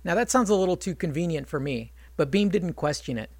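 A man's voice: a little high, lively intonation, a little fast, no echo. Male storyteller, casual and wry, dry close sound. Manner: chatty, wry asides.

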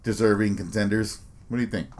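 This young man talks fight sports with a lower voice than most, blunt and foul-mouthed. He sounds like a podcast co-host in loose, joking chat with a friend. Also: fairly even intonation, fast talker, a little hiss or hum. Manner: blunt, profane and laughing.

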